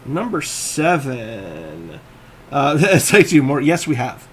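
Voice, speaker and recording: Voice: mid-range voice, lively intonation, slow pace, slightly rough. A laid-back co-host chatting casually on a drawing stream, mostly agreeing and adding dry quips.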